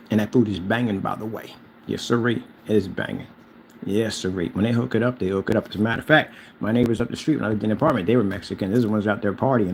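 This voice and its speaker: A man hosting his own channel, ranting casually at the camera. He is boastful and challenging, swinging from loud calls to low mutters. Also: expressive, very fast, creaky, slight background noise. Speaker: channel host.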